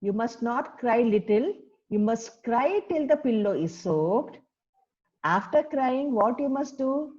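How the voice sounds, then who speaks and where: Woman teacher, unhurried, keeps quizzing the pupils, muffled recording. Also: a little high, expressive, a little mellow. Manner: slow, questioning, repeats key words and asks pupils. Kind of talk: classroom lesson explaining a poem.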